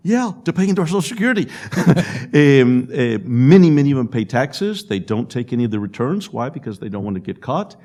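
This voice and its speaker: A man speaks at a public panel, his pitch rising and falling in a lively, animated way. He tells stories and slips into the voices of the people in them. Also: brisk. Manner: storytelling with acted-out quotes and laughs.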